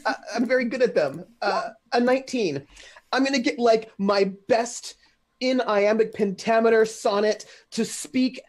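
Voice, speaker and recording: A woman's voice: a little high, measured pace, darkish tone. Playful woman tabletop player. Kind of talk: casual tabletop play.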